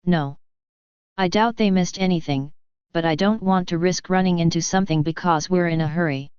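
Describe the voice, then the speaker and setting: Blunt foul-mouthed swordswoman, read by a woman, low clear voice, dry sound. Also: normal speed, a little mellow, dry recording, muffled recording, natural voice. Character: blunt crude young swordswoman.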